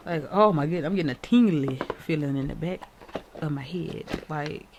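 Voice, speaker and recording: Excitable chatty tarot reader. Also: medium pitch, moderate pace, background noise. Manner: excitable and chatty, often repeating words and laughing; addresses viewers directly and warmly encourages them. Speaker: tarot reader and channel host. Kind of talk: casual tarot reading to viewers.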